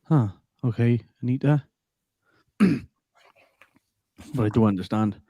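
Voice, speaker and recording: A man hosting a casual livestream chat, talkative and quick to laugh, on a computer mic. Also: medium pitch, gravelly, mellow, no echo. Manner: chatty, laughs easily. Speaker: livestream host.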